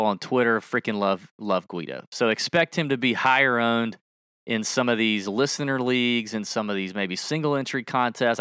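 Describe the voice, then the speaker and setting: A man's voice: mid-range voice, a bit bright, smooth, dry recording, clean studio sound. A man co-hosting a podcast, chatting casually and jokingly, rambling and correcting himself as he goes. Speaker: podcast co-host. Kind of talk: casual fantasy sports chat.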